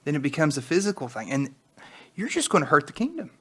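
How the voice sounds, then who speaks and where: A man's voice: a little high, huge pitch swings, fast, slightly rough. A man co-hosting a Bible teaching podcast, talking in an earnest, exhorting way that rises to emphatic peaks.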